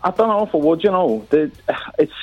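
A man's voice: fairly high pitch, sing-song, fairly quick, soft background music. A man voicing a laid-back male cod spokesman with a Scouse accent, chatting casually down a slightly dull phone line. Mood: chatty.

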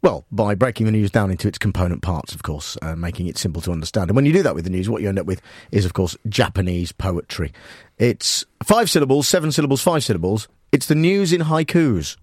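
A man hosting a spoof talk radio show, rambling and hesitant with a deadpan delivery. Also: on the low side, fast talker, slightly rough, no room sound, studio quality. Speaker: radio host.

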